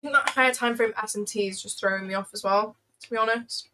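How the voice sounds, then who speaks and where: A young British woman, a livestreaming day trader, chats casually as she trades, her mid-range voice fast and fairly even in intonation, with background noise. She is talkative and self-deprecating, repeats phrases often, and slips into playful singing.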